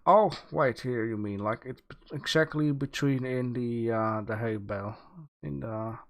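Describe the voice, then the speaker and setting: A man talks through artwork on a livestream in a loose, unhurried way, stopping on "uh" and "um" as he thinks. His voice sits at a middle pitch for a man, and he reads out viewer comments between his own remarks. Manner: relaxed, filler-heavy, thinking aloud while reviewing. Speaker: livestream host giving art feedback.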